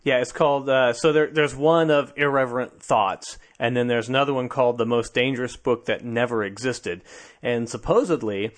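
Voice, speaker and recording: A man's voice: mid-range voice, moderate pace. A man hosting a podcast, talking casually and conversationally, easily amused. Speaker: podcast host.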